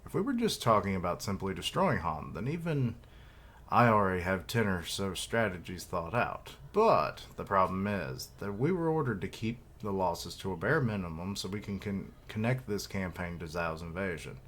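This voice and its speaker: A man reading aloud the lines of a stern male army general from a comic, in a measured way. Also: sits low, lively intonation, fairly bright tone. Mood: irritated.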